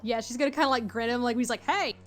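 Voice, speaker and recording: A woman's voice: on the high side, fairly even intonation, racing, faint music behind. A woman playing a tabletop game, casual and laughing, swearing freely as she describes her character's moves. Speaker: player.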